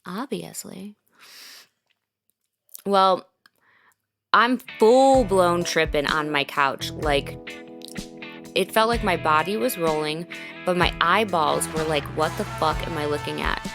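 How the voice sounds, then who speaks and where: A woman's voice: lowish voice, slow, creaky, long pauses, over music. A woman hosting a podcast, telling a personal story in a candid, casual way, full of filler words and swearing. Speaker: podcast host.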